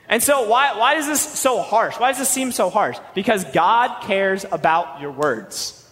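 A young man preaching a sermon, animated and quick-talking, with joking asides. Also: high voice, in a large hall.

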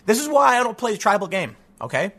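A man's voice: sits high, sing-song, quick pace, bright, forceful tone. A man giving an emphatic news commentary, reading out reports and then ranting in casual, repetitive phrases. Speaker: political commentator.

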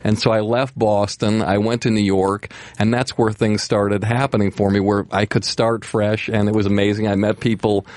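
A man's voice: fairly low pitch, level tone, normal speed, hardly any pauses, a little mellow, no room sound. A man telling earnest, heartfelt stories in a casual studio chat.

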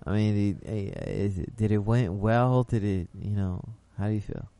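A man's voice: lowish voice, normal speed, warm tone, dry recording. A young man hosts a casual late-night show. He rambles loosely and keeps asking "you know what I'm saying". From the Bronx, New York. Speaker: host.

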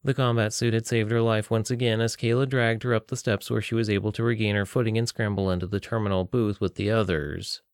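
A man narrating an audiobook in a steady, plain storytelling manner. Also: on the low side, fairly quick, few pauses, no room sound, studio quality. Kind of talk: scripted narration.

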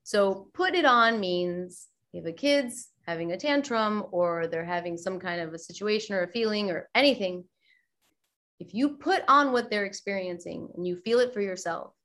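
Animated woman yoga teacher, casual chat. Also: mid-range voice, moderate pace. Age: middle-aged. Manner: animated, acts out quoted voices.

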